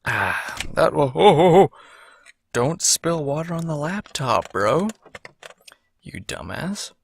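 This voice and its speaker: A man casually commenting on his own animated series, rambling, swearing and poking fun at himself. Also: on the high side, slow, gravelly, a little hiss or hum. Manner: rambling, profane, self-mocking. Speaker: creator of an animated web series.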